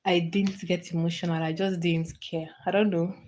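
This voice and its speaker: This livestream host speaks at a moderate pace in a fairly low, darkish voice with little pitch movement, over slight background noise. Replying casually to viewers' comments, she laughs frequently and keeps repeating and restarting phrases.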